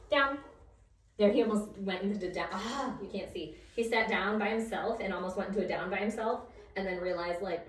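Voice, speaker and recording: A woman dog trainer explaining a session while coaching the dog with quick commands and bright praise. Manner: talks to the dog between explanations, high praise bursts. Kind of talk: casual training commentary. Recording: echoey room from far off, faint noise.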